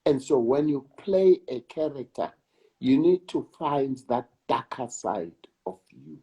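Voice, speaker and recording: Guest spot: slow-speaking husky South African actor-director, deliberate and emphatic. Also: male voice, mid-range voice, big pitch swings, mellow. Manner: slow, emphatic, repeats words for weight. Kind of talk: reflective conversation.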